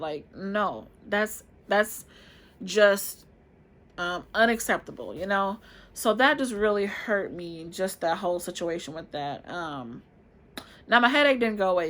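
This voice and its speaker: A woman in her twenties telling a personal story to camera in a chatty, expressive way, often calling out to viewers. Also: mid-range voice. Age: 20s. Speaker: vlogger.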